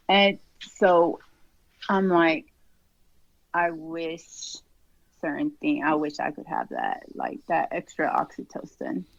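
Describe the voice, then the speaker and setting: A woman guest on a podcast, talking in a relaxed, rambling way with lots of fillers. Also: sits low, vocal fry, dry recording, lo-fi sound. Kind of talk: casual conversation.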